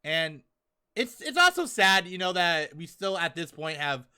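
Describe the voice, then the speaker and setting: A man hosting a casual podcast, excitedly recapping a comic chapter and acting out the characters' lines in quick bits, with frequent laughs. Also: sits high, smooth. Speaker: podcast host reviewing a manga chapter.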